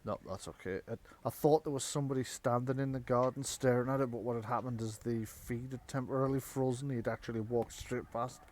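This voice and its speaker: A man, the game master running a tabletop game, chatty and relaxed, drifting into side stories. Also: mid-range voice, brisk, few pauses.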